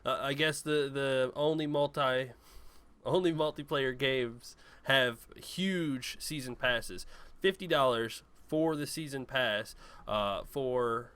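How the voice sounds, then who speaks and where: A man's voice: mid-range voice, slow pace, a bit bright, clear, resonant tone. A man co-hosting a gaming podcast, complaining at length in a rambling, exasperated way with lots of fillers. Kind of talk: casual chat.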